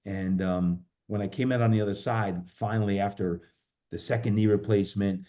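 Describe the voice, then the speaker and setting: A man with a fairly low, dark and mellow voice, speaking as a guest on a podcast. He tells a personal story earnestly and reflectively. He often pauses on fillers and restarts his sentences. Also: fairly even intonation. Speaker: podcast guest, fitness coach.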